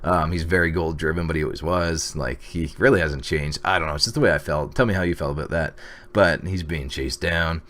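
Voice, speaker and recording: A man casually recapping a TV episode, rambling with fillers and excited reactions. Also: rumbling low, a little fast. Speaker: TV episode reviewer. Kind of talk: casual video review.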